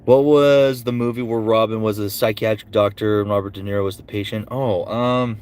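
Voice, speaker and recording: A man who is a voice actor and streamer, answering chat comments aloud in a relaxed livestream Q&A full of fillers. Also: lowish voice, fairly quick, a little hiss or hum.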